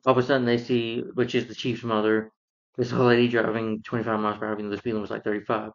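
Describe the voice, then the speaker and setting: A man's voice: on the low side, level tone, racing, lo-fi sound. A man casually reviewing a film, rambling through the plot with lots of fillers and restarts. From lives in Georgia, US.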